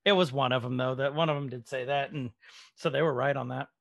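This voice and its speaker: A man's voice: medium pitch, fairly even intonation, quick pace, creaky. A man co-hosting a podcast, casually recapping a TV episode and leading the discussion with many fillers. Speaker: podcast co-host.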